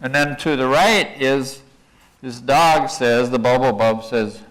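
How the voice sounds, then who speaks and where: A man's voice: medium pitch, slow, fairly bright tone, low-quality recording. An older man speaking at a professional conference, folksy and wandering, chuckling at himself as he leads a guided imagery exercise. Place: conference room.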